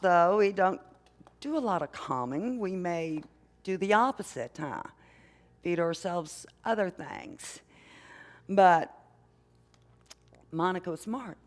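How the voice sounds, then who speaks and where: An older woman minister delivers a sermon, her speech slow and deliberate, her pitch a little low. She tells stories to the congregation and keeps checking in with them through rhetorical questions. Her voice carries a long hall reverb from the church sanctuary. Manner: unhurried, conversational, asks the congregation questions. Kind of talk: sermon with storytelling.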